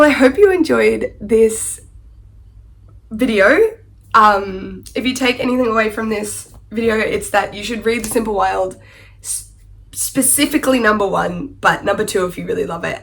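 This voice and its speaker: A woman's voice: fairly high pitch, vocal fry. A woman reviewing books in a casual vlog. She talks in a chatty, apologetic way and often restarts her sentences. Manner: animated, emphatic, playfully apologetic. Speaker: book vlogger. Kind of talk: casual book review chat.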